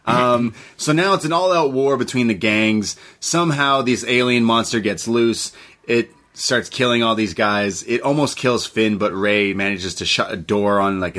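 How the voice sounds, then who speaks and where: A man's voice: lowish voice, a bit bright. A man co-hosting a movie review chat, retelling scenes animatedly, swearing freely and slipping into quoted voices. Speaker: co-host of a movie review show. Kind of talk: casual chat.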